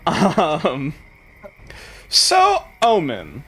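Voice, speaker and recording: A man's voice: on the high side, extremely slow, husky. A man running a tabletop game as game master, talking casually and narrating scenes with many restarts. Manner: animated, rambling with restarts and laughs. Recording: faint background music.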